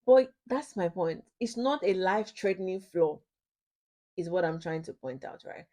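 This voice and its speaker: A woman's voice: fairly low pitch, lively intonation, moderate pace, mellow. Woman teaching about marriage acceptance. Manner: repeats key points, asks listeners questions. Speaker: ministry speaker.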